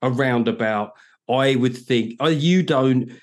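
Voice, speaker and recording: British male host, mid-range voice, thinks out loud and tees up questions. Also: medium pitch, slow. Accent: British English. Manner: musing, poses questions to set up topics. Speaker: podcast host. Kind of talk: casual chat.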